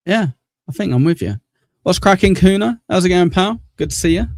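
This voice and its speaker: A man's voice: high voice, lively intonation, a little fast, darkish tone, slight background noise. A man hosting a casual livestream, chatting, laughing and thanking viewers by name as he reads comments. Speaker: livestream host.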